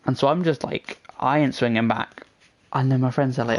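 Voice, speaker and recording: A man's voice: medium pitch, fairly even intonation, fairly quick. A young man chatting casually with a friend, telling stories full of swearing and laughter. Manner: swearing storyteller, laughs often. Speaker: gaming channel host.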